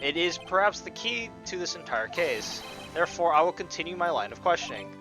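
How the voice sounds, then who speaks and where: A man's voice: fairly high pitch, very animated, brisk, over music. A man voicing an earnest young male defense attorney who mutters to himself and argues emphatically. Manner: earnest, self-talking, emphatic.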